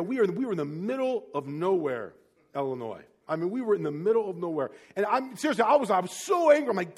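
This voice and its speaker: High-voiced animated male preacher. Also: brisk, breathy edge. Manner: animated storyteller, swings from loud peaks to quiet asides. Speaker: pastor. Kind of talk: sermon with a personal story.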